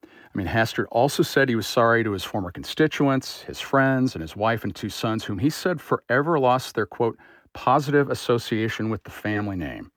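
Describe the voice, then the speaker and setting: A man, a political editor, answering interview questions in a measured, slightly halting way. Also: mid-range voice, lively intonation, no echo, clean studio sound.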